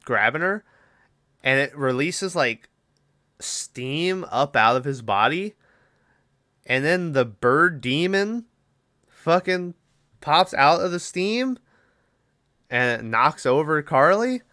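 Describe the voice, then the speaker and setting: A man's voice: a little high, lively intonation, takes it slowly, pauses often, bright, forceful tone, dry recording, studio quality. A young man co-hosting a podcast, rambling through a movie plot with lots of swearing and fillers. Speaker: podcast co-host. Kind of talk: casual movie recap chat.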